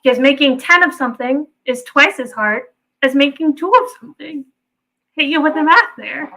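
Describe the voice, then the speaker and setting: A woman's voice: sits high, normal speed, sharp tone, poor audio. A young woman co-hosting a casual recap podcast, hesitant and trailing off at the end of her points. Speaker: podcast co-host.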